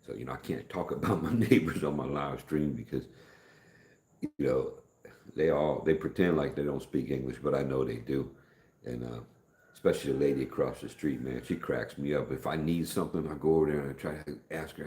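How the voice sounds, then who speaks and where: A middle-aged man hosting a casual live stream, rambling in a folksy way, greeting viewers by name and speaking softer than usual. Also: a bass voice, normal speed, echoey room.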